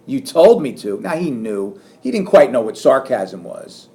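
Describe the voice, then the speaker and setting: A middle-aged man giving a classroom lecture, animated and acting out sarcastic lines as examples. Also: medium pitch, unhurried. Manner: animated, acts out sarcastic quotes. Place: lecture room.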